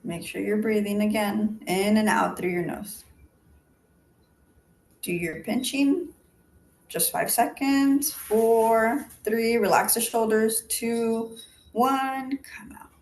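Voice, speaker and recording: A woman leading a face yoga class over a video call, giving calm step-by-step cues and counting breaths. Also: on the high side, slow pace. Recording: video call audio with faint background noise.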